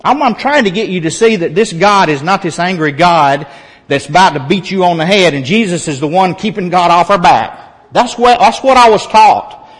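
A man's voice: high voice, lively intonation, moderate pace, slightly rough. Earnest preacher man in a reverberant hall. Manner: earnest, emphatic preaching with repeated phrases. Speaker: pastor. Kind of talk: sermon.

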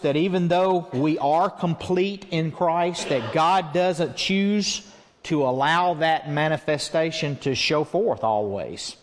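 An earnest male pastor preaching from the pulpit, his voice sitting somewhat high for a man. He acts out his own prayers as he tells the story, and a long church reverb trails after every word. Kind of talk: sermon.

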